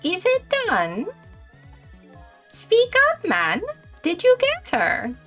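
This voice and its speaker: A woman voicing a sinister male villain speaking over the phone, with exaggerated, theatrical delivery and big pitch jumps. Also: huge pitch swings, extremely slow, a bit bright, soft background music, exaggerated voice. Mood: menacing.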